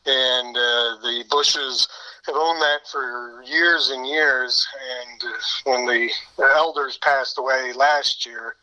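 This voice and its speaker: Casting: middle-aged man from Connecticut, guest in a casual interview, sharp bright tone, lots of hesitations. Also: mid-range voice, steady tone, poor audio. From Connecticut, USA. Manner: unhurried, many filler pauses.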